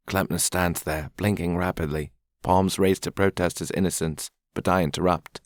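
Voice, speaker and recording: A man with a low voice reads a romance audiobook in scripted narration, measured and even in his storytelling. The recording is dry and the studio sound clean.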